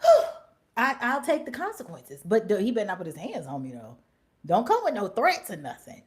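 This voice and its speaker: A young woman hosting a livestream, talking in a blunt, animated way with slang and swearing. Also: medium pitch, moderate pace. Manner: drops to whispers at times. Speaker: livestream host. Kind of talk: casual livestream chat.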